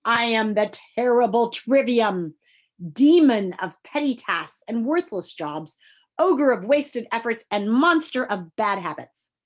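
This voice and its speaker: A woman's voice: on the high side, expressive, slow. A woman voicing a sly, sneering male demon of petty tasks in a storybook reading, menacing and coaxing. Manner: menacing, then soft and deceitful.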